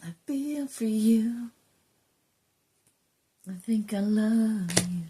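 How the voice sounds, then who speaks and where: A woman giving an emotional, earnest spiritual card reading, sometimes dropping into soft whispers and swearing casually. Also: on the high side, drawn-out words, background noise. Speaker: intuitive card reader.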